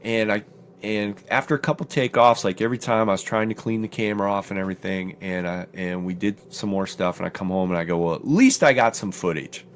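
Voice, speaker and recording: Middle-aged man telling a lively story. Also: quick pace. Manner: animated storyteller, acts out his own quotes with rising pitch. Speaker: podcast co-host. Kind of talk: casual storytelling chat. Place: studio.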